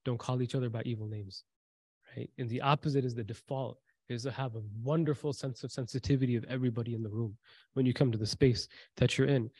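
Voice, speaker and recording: A man's voice: mid-range voice, steady tone, fast, warm tone, slightly rough, no room sound. A man giving a sermon, retelling a story with quoted dialogue and repeated lines for emphasis. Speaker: preacher.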